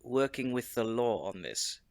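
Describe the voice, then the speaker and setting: A man's voice: medium pitch, sing-song, measured pace, no echo. A man playing a tabletop game, speaking in an eager, upbeat way. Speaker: player. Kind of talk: in-character tabletop game play.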